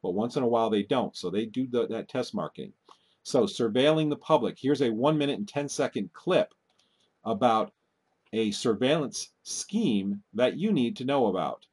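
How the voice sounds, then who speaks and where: A man's voice: medium pitch, lively intonation, normal speed, darkish tone, breathy edge. A man hosting his own video commentary, talking urgently and warning his viewers, often breaking off and restarting words. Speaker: video host. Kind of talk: casual commentary.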